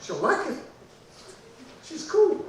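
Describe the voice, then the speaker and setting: A man's voice: very high-pitched, wildly swooping pitch, takes it slowly, very echoey, distant mic, pitched above the performer's own voice, heavily acted. A man with a New Zealand accent voicing his eager, insistent boyhood mate who keeps repeating himself to talk him into things. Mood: coaxing, insistent. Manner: pushy, repeating himself to persuade. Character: eager young boy, best mate, insistent.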